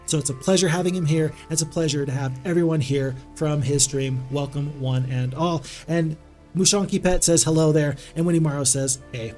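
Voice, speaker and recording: A man's voice: on the high side, fairly even intonation, normal speed, warm tone, soft background music. A man streaming a strategy game live, giving upbeat commentary as he thinks aloud and greets his chat.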